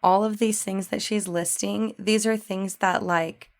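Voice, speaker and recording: A woman's voice: medium pitch, steady tone, a little slow. A young adult woman co-hosting a podcast, chatting casually and reflecting sympathetically. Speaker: podcast co-host. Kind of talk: casual chat.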